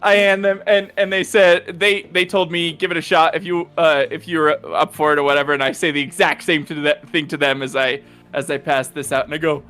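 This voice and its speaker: Man, high voice, tabletop game player, laid-back, jokey, faint music behind. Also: little pitch movement, fairly quick, hardly any pauses, bright, forceful tone, smooth. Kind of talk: in-character tabletop roleplay.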